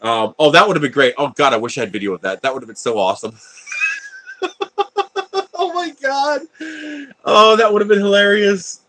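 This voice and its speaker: Here a man talks on a casual stream as he puts together a 3D printer, sharing stories, laughing frequently and responding to chat. His pitch sits on the high side and his delivery is very animated and fairly bright, at a moderate pace with frequent pauses.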